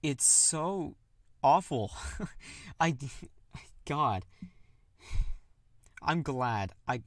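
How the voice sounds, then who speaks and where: A young man opens up in a personal, confessional monologue, halting and candid, breaking into nervous laughs. His voice sits at an ordinary pitch, recorded close with a dry sound and no room around it. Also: no echo. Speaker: podcast host.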